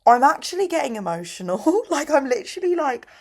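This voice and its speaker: A woman's voice: sits high, sing-song, brisk. A young woman talking late at night into her laptop mic, chatty and teary, laughing often and saying "like" a lot. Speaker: vlogger. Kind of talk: late-night diary vlog.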